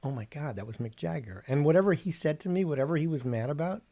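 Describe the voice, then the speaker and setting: A man's voice: a little high, lively intonation, quick pace, gravelly, mellow. A man hosting a podcast, chatting casually with his guest. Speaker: podcast host. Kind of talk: casual interview chat.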